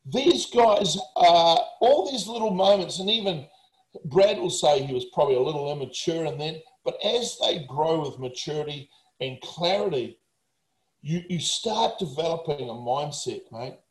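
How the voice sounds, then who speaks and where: A man's voice: fairly high pitch, animated, normal speed, roomy sound, low-quality recording. A man, a motivational speaker talking casually, blunt, emphatic and swearing heavily. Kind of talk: casual talk.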